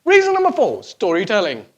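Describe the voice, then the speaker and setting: A man's voice: high-pitched, sing-song, normal speed. A man hosting a sarcastic, mocking comedy rant to camera. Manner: sarcastic, mocking, exaggerated swings of voice. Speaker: host.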